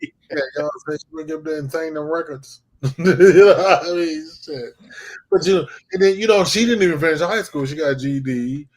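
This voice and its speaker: A man chatting casually on a live talk show, telling animated stories and swearing freely. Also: fairly high pitch, moderate pace, poor audio. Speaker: panelist. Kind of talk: casual chat.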